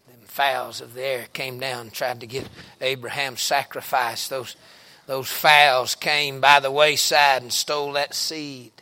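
A man preaching a revival sermon, telling stories in a folksy way and rising into shouted exhortation. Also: medium pitch, little pitch movement, unhurried, hardly any pauses.

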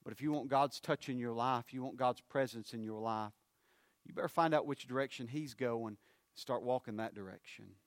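Preacher guy, swings from big rising calls to low hushed bits, dry sound. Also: normal speed, dry recording. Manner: swings between loud, rising appeals and low, hushed phrases. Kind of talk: sermon.

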